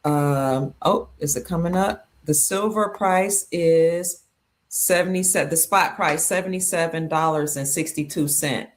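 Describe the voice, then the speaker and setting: A woman with a somewhat low voice hosts a casual podcast, putting questions to her guest and murmuring along as he talks. She speaks in an easy, conversational way. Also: a little slow. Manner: interviewer, many listening murmurs. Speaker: podcast host.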